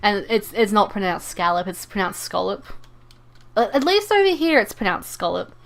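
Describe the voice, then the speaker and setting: A woman's voice: mid-range voice, very animated, brisk. A woman streamer chatting casually to her viewers while she plays, rambling and playful, often stumbling and repeating her words. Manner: playful, talks to viewers and game characters. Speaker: live streamer. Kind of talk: casual live-stream chat while gaming.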